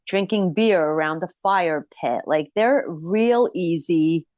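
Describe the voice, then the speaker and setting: A woman's voice: fairly low pitch, slow, darkish tone. A woman co-hosting a podcast, chatting casually with lots of "like" fillers. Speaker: podcast co-host. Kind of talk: casual chat.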